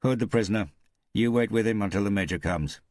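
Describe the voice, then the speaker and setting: A man's voice: fairly low pitch, lively intonation, normal speed, no echo, studio quality, voice pushed up. A man voicing a curt, obedient male prison guard in an audiobook, speaking in short, clipped, barked lines.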